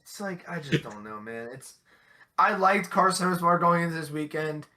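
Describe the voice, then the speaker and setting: A young man co-hosting a casual podcast chat, blunt and animated, swearing freely. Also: a little high, normal speed. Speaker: podcast co-host.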